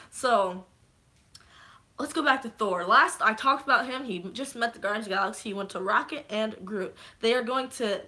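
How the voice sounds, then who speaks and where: A young woman with a bright, clear voice talks fast and loose about a movie she loved. She swears freely, says "um" a lot and jumps into quoted lines as she retells scenes. The tone is casual and eager. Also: mid-range voice. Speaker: vlogger. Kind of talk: casual spoiler recap.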